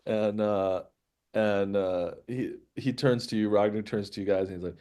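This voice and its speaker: A man's voice: fairly low pitch, steady tone, moderate pace, dark tone. A man running a tabletop game as game master, narrating loosely with many fillers.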